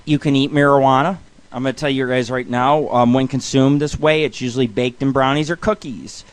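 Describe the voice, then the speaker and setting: A man's voice: mid-range voice, steady tone, brisk. A middle-aged man hosting a radio show, telling jokes and reading comic lists in a loose, swearing manner. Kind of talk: casual comedic radio monologue.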